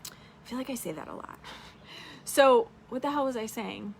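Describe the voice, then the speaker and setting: A woman's voice: fairly high pitch, lively intonation, moderate pace, vocal fry, slight background noise. A woman business coach giving a casual, upbeat motivational talk, swearing freely and talking straight to her listeners.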